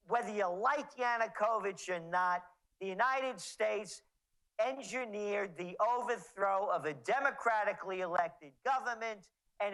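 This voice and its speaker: A woman's voice: mid-range voice, a bit bright, poor audio. A woman commentator in heated political chat, sarcastic and mocking as she talks.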